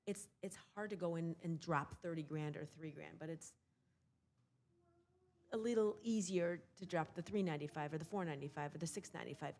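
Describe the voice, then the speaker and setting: A woman with a fairly low voice hosts a casual interview. She talks candidly and chattily, with an easy swear now and then. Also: brisk, a little mellow. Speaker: interview host.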